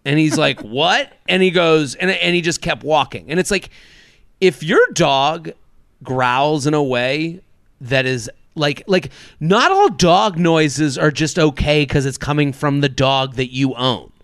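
A gravelly-voiced New York City podcast host tells comic stories in an unhurried, animated way during a casual, complaint-filled chat, his pitch leaping up whenever he acts out other people. The recording is dry and clean, with studio sound.

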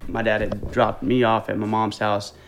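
A man's voice: lowish voice, little pitch movement, normal speed. A young man talking bluntly in an interview, casual and swearing, often trailing off. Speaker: interviewee, son.

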